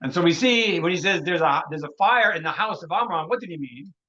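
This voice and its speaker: A man, a rabbi, teaching a Torah workshop through an animated story, often restarting phrases and dropping in Hebrew terms. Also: a little high, brisk, muffled recording.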